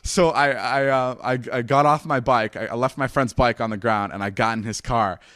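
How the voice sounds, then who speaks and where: A young man telling a story on a podcast, animated and swearing a lot, jumping up in pitch when he acts out quotes. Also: normal speed, dry recording, studio quality. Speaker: podcast host. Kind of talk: casual storytelling.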